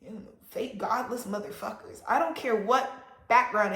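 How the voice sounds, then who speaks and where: A woman vlogger talking straight to camera in a blunt, profane and animated rant, hitting words hard for emphasis. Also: on the high side, normal speed, roomy sound. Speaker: astrology vlogger. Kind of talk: casual ranting monologue.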